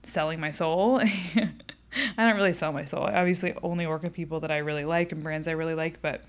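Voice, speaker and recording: A young woman hosts her own podcast in a casual solo chat. She is chatty and candid, with a fairly low voice for a woman. Her talk is loose and unscripted, peppered with swearing. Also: fairly even intonation, fairly quick. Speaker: podcast host.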